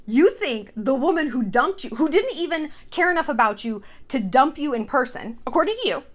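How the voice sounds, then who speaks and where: A woman hosting a casual commentary video, sarcastic and profane, tossing in quick mock voices. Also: sits high, lively intonation. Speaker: commentary host.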